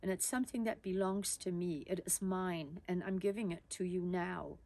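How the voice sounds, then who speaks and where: A woman voicing her grandmother as she retells a memory, speaking gently but insistently. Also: fairly low pitch, steady tone, moderate pace, close to an everyday voice. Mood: gently firm. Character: firm, loving grandmother.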